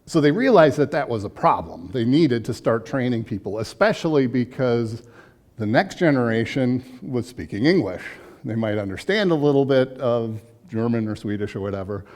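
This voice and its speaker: Man, adult-ed teacher, relaxed chatty lecture, lots of fillers, mid-range voice. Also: medium pitch. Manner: chatty, frequent fillers and restarts. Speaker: adult education class teacher. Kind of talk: casual classroom lecture.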